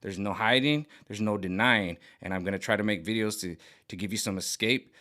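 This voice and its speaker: Low-voiced man ranting in a vlog. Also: a little fast, sharp tone. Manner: rambling, repetitive and agitated, with many restarts; mimics other voices sarcastically. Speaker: vlogger. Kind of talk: rambling monologue.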